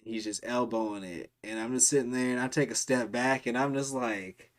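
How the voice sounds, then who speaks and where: A man in the middle of a long story on stream, talking loosely with plenty of slang, starting sentences over and repeating words as he goes. His voice sits at an ordinary middle pitch for a man. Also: fairly even intonation, normal speed, hardly any pauses. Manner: rambling, slangy, many restarts and repetitions.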